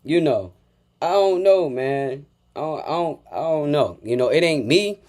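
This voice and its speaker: A man with a slightly high voice tearing into someone in a profane reaction rant. He taunts and repeats his insults, and drops from low muttering to sudden loud outbursts. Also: animated, a little slow. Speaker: reaction commentator.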